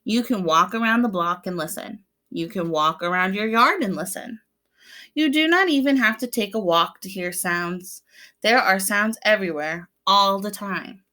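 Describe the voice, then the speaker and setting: A young woman with a clear, bright voice reads a picture book aloud to little children. She speaks like a gentle teacher, stopping to explain the pictures and ask questions. She playfully imitates the sounds from the story. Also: mid-range voice, moderate pace. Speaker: preschool teacher.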